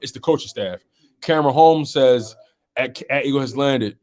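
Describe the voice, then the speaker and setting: A man's voice: medium pitch, normal speed, a little mellow. A man hosts a casual sports talk live stream. He reads viewer comments aloud one after another and answers each in an easygoing, chatty way, in a mid-range voice.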